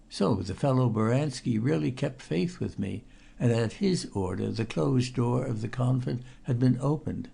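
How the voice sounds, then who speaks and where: Male audiobook reader, gravelly, husky, steady storytelling pace. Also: medium pitch, moderate pace. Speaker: audiobook narrator. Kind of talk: scripted audiobook narration.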